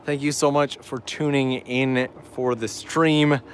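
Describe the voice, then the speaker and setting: A man's voice: mid-range voice, fairly even intonation, slow, slight background noise. A man hosting a travel live stream outdoors, chatting enthusiastically with viewers while walking and reading their messages aloud. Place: outdoors on a seaside island path.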